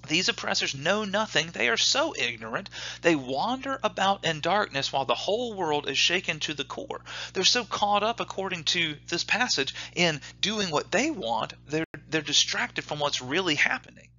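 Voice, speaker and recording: A man teaching a church Bible class, lively and questioning, reading scripture aloud. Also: high voice, normal speed. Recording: dull lo-fi recording.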